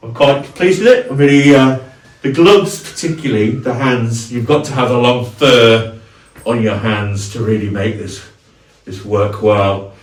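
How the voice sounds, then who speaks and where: A man talks through his costume in a relaxed, chatty way, stopping and restarting as he goes. He sounds a bit far from the mic, and the room echoes around him. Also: mid-range voice. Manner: chatty, halting, with fillers and restarts. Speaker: cosplayer, video host. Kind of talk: casual costume walkthrough.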